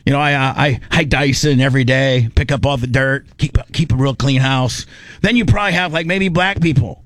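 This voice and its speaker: Man, podcast host, rambling casual chat, dry close sound, mid-pitched voice. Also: fairly quick, fairly bright tone, no echo. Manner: rambling, loose and irreverent.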